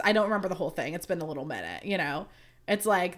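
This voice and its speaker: A woman's voice: lowish voice, animated, quick pace. Chatty woman telling a story. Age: 30s. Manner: chatty, full of "like" and asides to listeners. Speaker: podcast host. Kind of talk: casual storytelling.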